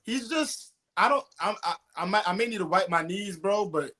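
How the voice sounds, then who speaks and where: A man co-hosting a casual sports talk show, explaining playoff basketball in an animated way and calling people "bro". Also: high-pitched, normal speed. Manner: animated, says "bro" a lot. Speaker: podcast co-host.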